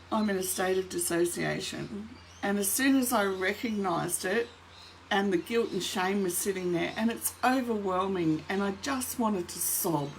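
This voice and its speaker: A woman's voice: medium pitch, a little hiss or hum, low-quality recording. A middle-aged woman talking candidly to camera about her own recovery from trauma. She tells it as a story, acts out her own inner voice and laughs often. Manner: frequent light laughter. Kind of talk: personal talk to camera.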